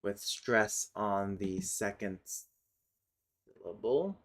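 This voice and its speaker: A streamer chatting casually while working on a made-up language, muttering to herself as she looks things up. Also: extremely low pitch. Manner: slow, muttering while typing and looking things up. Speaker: streamer building a constructed language. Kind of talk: casual livestream chat. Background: keyboard typing and clicking.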